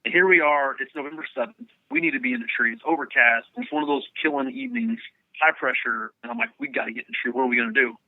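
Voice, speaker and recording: A man telling an animated bowhunting story as a guest in an interview. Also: medium pitch, quick pace, creaky, dry recording, narrow, tinny audio. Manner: excited, rambling storyteller.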